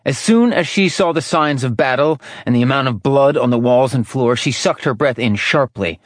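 A man's voice: mid-range voice, moderate pace, no room sound, studio quality. A man narrating fiction in a scripted audiobook reading, switching between character voices. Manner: lively, character-voicing narration.

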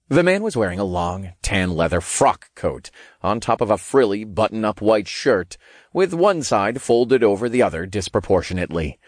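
Male audiobook narrator, low and animated, wry casual read. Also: moderate pace, dry recording, clean studio sound. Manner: casual, wry storytelling with swearing. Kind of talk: scripted first-person narration.

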